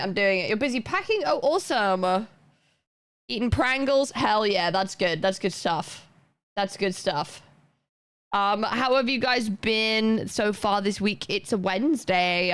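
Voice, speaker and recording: A woman's voice: mid-range voice, clear, resonant tone. A young woman livestreaming, chatting casually and rambling as she reads chat aloud and thanks viewers.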